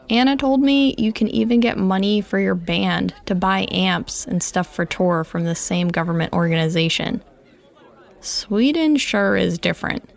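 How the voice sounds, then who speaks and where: Woman reading her own story, calm and reflective, kinda gravelly. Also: mid-range voice. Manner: reflective, evenly read storytelling. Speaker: narrator. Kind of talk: scripted first-person story narration.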